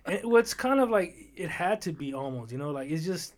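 Rambling, lively man in casual chat. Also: a little high, fairly quick. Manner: rambling, lively, with fillers and restarts. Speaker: podcast co-host.

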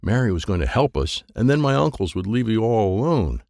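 A man's voice: on the low side, big pitch swings, fairly quick, gravelly, a little mellow, no echo, studio quality. A man doing a whiny, scared boy. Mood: pleading. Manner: pleading, tattling. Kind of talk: audiobook character voice.

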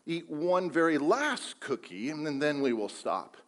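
A man's voice: very animated, unhurried. A man voicing a fretful, cookie-loving male toad while reading a storybook aloud in a sermon. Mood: whiny. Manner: pleading, higher storybook voice.

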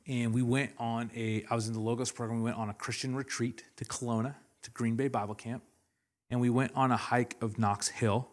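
A young Canadian pastor preaches in a church hall, bringing his stories to life with laughter and acted-out quotes. His voice is mid-range and a bit bright.

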